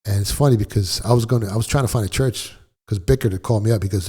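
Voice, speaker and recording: Low husky man, profane storyteller. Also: very fast. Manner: blunt, profane, animated retelling. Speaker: interview guest. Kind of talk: casual storytelling.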